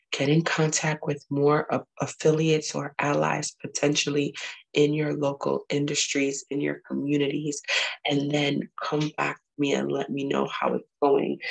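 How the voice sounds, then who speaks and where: A woman's voice: sits low, creaky, breathy edge, rough recording. A woman hosting her own show and speaking live to viewers in an earnest, urging way that often repeats itself. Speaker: show host. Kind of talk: live-stream address to viewers.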